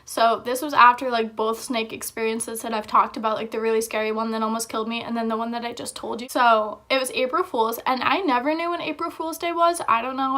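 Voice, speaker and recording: A woman's voice: fairly high pitch, a bit bright. A young woman vlogger telling a story in a chatty, casual way, with lots of filler words.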